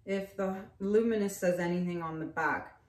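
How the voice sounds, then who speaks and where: A woman in her thirties talks her way through an acrylic pour painting session, chatty and rambling, full of "anywho" and "um". Her voice sits at an ordinary pitch and bounces around an echoey room. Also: normal speed. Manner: chatty, rambling, with frequent fillers. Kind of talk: casual painting tutorial with storytelling.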